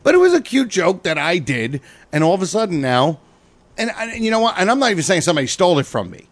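A man, a comedian hosting a podcast, telling stories in a profane, animated way. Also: high voice, fast, dry recording. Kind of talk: casual chat.

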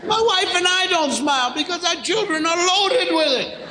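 Exasperated high-voiced male comedian, echoey. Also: animated, very noisy. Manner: exasperated, mimics parents with rapid repetition. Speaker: stand-up comedian. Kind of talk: stand-up comedy routine.

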